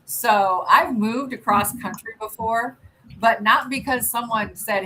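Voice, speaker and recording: A woman's voice: fairly high pitch, unhurried, sharp tone, slight background noise, poor audio. An American woman hosting a casual livestream, chatting and rambling with lots of ums and restarts. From United States. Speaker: livestream host. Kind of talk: casual chat while doing nail art.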